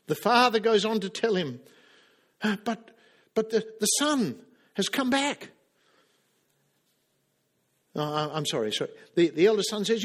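Animated high-voiced male preacher. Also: measured pace, pauses often. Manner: impassioned, acts out quoted lines. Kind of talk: sermon.

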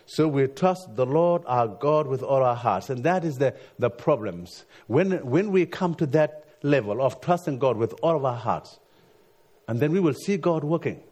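Halting preacher man, frequent restarts. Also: mid-range voice, expressive, darkish tone. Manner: halting, repeats words, frequent "you see". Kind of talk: sermon with personal story.

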